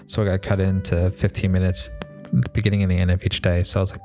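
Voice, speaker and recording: A man's voice: deep voice, completely flat delivery, fast talker, music in the background. A man, a mechanic, talking in a loose, rambling monologue full of fillers and restarts, swearing now and then. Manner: laid-back, swears casually. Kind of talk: casual monologue.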